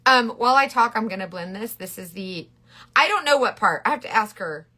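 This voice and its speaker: Bubbly chatty woman, high voice. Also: expressive, fairly quick, sharp tone. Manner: chatty, bubbly, greets viewers by name; rambling with frequent restarts. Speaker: makeup seller doing a live stream. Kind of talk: casual live-stream makeup demo.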